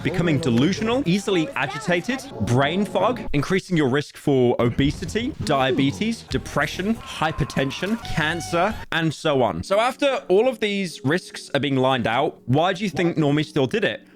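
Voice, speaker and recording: A man's voice: fairly high pitch, sing-song, normal speed, hardly any pauses, over music. A young man narrating a comedic commentary video with sarcastic, jokey asides. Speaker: commentary YouTuber and streamer.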